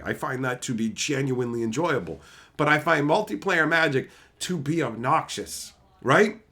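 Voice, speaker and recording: A man streaming live, talking casually and profanely, mocking people and building into loud, shouted rants. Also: fairly high pitch. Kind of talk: casual livestream rant.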